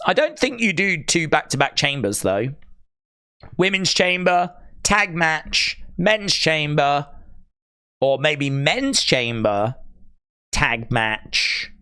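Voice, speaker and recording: A man hosting a live watch-along stream, chatting casually in an excitable, rambling way and answering viewers' messages. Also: medium pitch, clear, resonant tone, no room sound, clean studio sound.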